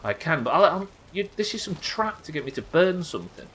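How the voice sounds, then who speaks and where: A man's voice: a little high, very animated, brisk, a bit bright, slight background noise. A young man hosting a live game stream, bantering with chat in a sweary, exasperated way. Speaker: streamer host.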